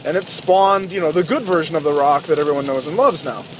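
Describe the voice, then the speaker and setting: A man with a high-pitched voice rants in fast, heated commentary, swearing freely and dripping with sarcasm. Faint noise sits behind his talk. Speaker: podcast host. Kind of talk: profane ranting commentary.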